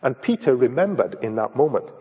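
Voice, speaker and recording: A man's voice: medium pitch, very animated, fairly quick, mellow, husky. A man preaching a sermon, earnest and emphatic, who calls his listeners folks as he presses his point home.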